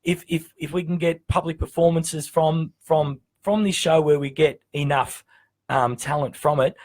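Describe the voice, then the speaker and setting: A man with an Australian accent hosts a relaxed music chat show. His voice sits a little high, and he talks in a halting way, restarting his sentences often. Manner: hesitant, halting, with many restarts. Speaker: show host. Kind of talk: casual chat.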